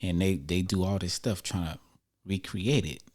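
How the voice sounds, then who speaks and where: A man with a very low, mellow voice recounts a personal story for his vlog. He talks in a loose, slangy, conversational way. The delivery is laid-back storytime. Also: moderate pace. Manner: relaxed, conversational, slangy retelling. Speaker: vlogger telling a personal story. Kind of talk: casual storytime.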